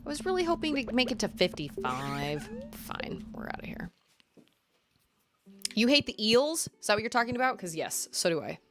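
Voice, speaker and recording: Lively, giggly woman streamer. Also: on the high side, moderate pace. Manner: chatty, giggly, talks to chat. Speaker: game streamer. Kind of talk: casual gameplay chat. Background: game music.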